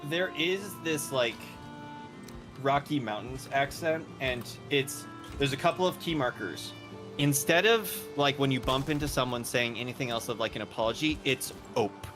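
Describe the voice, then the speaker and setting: A man's voice: mid-range voice, normal speed. A man hosting a live gaming stream, chatting casually and rambling with frequent laughs. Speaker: streamer host. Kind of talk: casual chat while gaming. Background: music.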